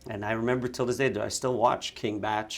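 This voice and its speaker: A man speaking in a fairly low register, recounting stories in a relaxed interview. His delivery is lively, with quick bursts and frequent restarts. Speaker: actor and content creator, guest. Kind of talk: casual interview chat.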